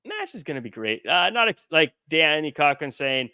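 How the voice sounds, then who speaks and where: Bright, animated male podcast host. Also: a little high, moderate pace, clear, resonant tone, no echo, clean studio sound. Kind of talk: casual chat.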